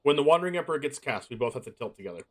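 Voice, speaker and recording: A man streaming a card game live, commenting excitably with frequent shouts and laughs. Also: mid-range voice, rapid-fire.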